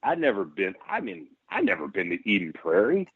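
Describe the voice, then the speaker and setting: Lower-voiced man telling stories, phone-like. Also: a little fast, slightly rough, no room sound. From Saint Paul, Minnesota. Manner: animated anecdote-telling with laughs and restarts. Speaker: former NFL center, guest. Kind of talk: casual storytelling. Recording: tinny phone-like line, dry.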